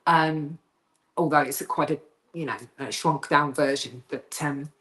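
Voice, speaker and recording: A fairly low-pitched woman tells her story as a guest on a video call. She talks in bursts, with restarts, and acts out the people she quotes, climbing high when she recalls being terrified. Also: unhurried. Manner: lively storyteller who acts out quoted voices, rising high when frightened. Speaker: guest telling a haunting story. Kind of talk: animated storytelling interview.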